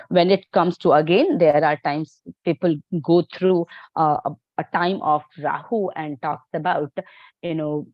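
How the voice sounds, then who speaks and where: A woman teaching a live astrology class, talking in halting phrases full of fillers and restarts. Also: sits low, no echo, dull audio. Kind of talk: live online class lecture.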